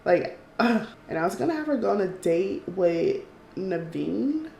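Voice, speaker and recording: A young woman chatting excitedly and swearing while commenting on a life-sim game. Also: mid-range voice, a little slow, creaky, reverberant, a little hiss or hum. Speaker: let's play host. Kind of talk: casual gameplay commentary.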